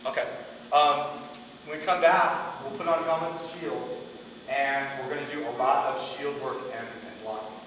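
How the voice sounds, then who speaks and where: A middle-aged man teaching a martial arts class, telling animated stories and acting out quotes. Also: medium pitch, normal speed. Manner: animated storyteller, acts out quotes, laughs often. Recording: echoey hall from far off, background noise.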